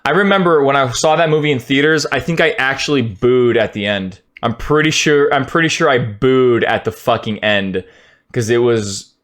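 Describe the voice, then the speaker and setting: A man's voice: medium pitch, moderate pace. Heated, swearing male streamer. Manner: heated, profane, sometimes shouting. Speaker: streamer giving his opinion. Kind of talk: casual opinion rant.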